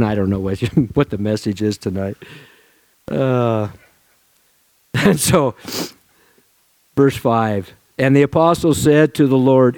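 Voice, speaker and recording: A male pastor delivers a relaxed, conversational sermon to his congregation in a lowish voice with no echo. He speaks informally, often restarting his sentences and laughing.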